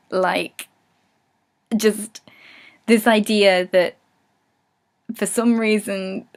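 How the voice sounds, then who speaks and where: A young woman from England with a regional English accent, answering follower questions in a chatty, candid way, swearing freely and laughing often. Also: mid-range voice. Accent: English regional, non-RP. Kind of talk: casual chat.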